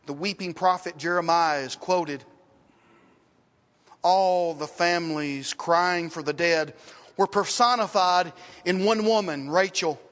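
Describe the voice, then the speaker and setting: High-voiced man preaching in a reverberant hall. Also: slow pace. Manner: dramatic preaching, swinging from loud rhetorical questions to hushed lines. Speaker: pastor. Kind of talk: sermon. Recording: long reverb.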